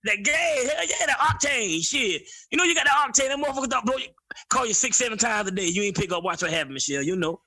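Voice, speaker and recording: A man's voice: very high voice, fast talker. A man as a podcast guest in casual chat, talking bluntly with plenty of profanity and acting out little stories. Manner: blunt, profane, animated storytelling.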